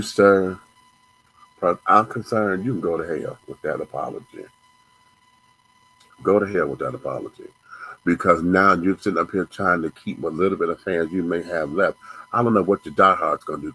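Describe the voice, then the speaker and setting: A man's voice: deep voice, moderate pace, sharp tone, husky, low-quality recording. A man hosting a show, ranting angrily with profanity and repeating himself. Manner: angry, profane, repetitive rant. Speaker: host. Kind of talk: ranting commentary.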